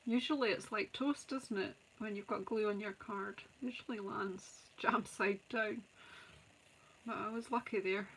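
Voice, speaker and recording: A woman's voice: medium pitch, fairly even intonation, a little slow, fairly bright tone, a little hiss or hum, rough recording. A Scottish woman hosting a live crafting stream, chatting and joking with viewers as she works and greeting them by name. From Scotland. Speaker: craft channel host.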